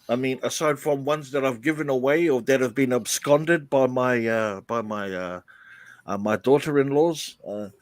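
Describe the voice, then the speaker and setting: A man chatting on a live stream, halting often with fillers and restarts. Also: mid-range voice, dry recording. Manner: hesitant, many fillers and restarts. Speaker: guest YouTuber. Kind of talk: casual live chat.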